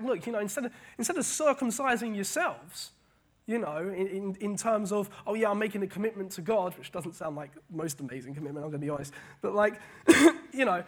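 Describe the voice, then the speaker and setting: A man preaching a casual sermon, animated, often repeating words and paraphrasing scripture. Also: high-pitched, husky.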